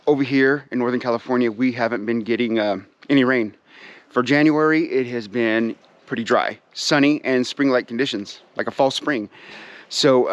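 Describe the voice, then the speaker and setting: A man's voice: mid-range voice, lo-fi sound. A man hosting a casual outdoor vlog at his pheasantry, folksy and rambling, full of fillers, often calling out to viewers and chatting sweetly to his birds. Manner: easygoing and folksy, many fillers, keeps addressing viewers as "you guys"; talks sweetly to his birds while walking around. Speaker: pheasant breeder and channel host.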